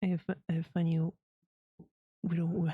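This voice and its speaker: A woman's voice: lowish voice, completely flat delivery, moderate pace, breathy edge, no echo, narrow, tinny audio. A woman streaming her art, chatting casually and rambling as she draws, with frequent giggles and playful sound effects. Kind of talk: casual chat while drawing.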